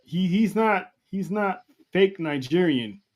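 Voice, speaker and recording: A man's voice: high-pitched, animated, slow pace. A man co-hosting a wrestling podcast, making his points emphatically and repeating words as he takes the floor. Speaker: podcast co-host. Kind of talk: casual chat.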